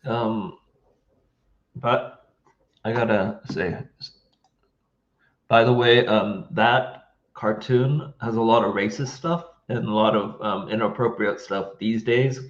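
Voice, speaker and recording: A man's voice: fairly low pitch, fairly even intonation, takes it slowly, muffled recording. A man hosting a reaction video, talking casually and hesitantly with frequent ums and restarts. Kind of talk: casual commentary.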